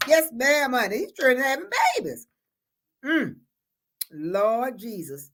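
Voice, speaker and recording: A woman's voice: fairly high pitch, very animated, slow, pauses often, a bit bright. A woman hosting a casual livestream chat. She reads out viewer comments, laughs often and calls her viewers honey and baby.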